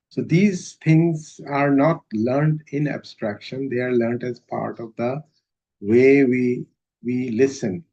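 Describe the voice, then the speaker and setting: Slow, hesitant lecturer. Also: male voice, medium pitch, darkish tone. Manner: measured, hesitant, with many filler sounds. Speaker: university lecturer. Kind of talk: academic lecture. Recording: dull lo-fi recording.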